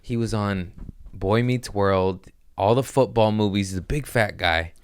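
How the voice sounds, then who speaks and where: A man's voice: lowish voice, measured pace, clean tone. A young man hosting a podcast in a podcast room, chatting casually in a rambling, profane, joking way. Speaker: podcast host. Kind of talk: casual comedic podcast chat.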